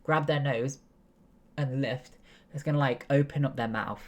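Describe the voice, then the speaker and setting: A young woman, a streamer who is also a nursing student, chats casually while gaming and explains each step one at a time, using lots of fillers and chatty asides. Her voice is rumbling and low, with big pitch swings, at a normal speed.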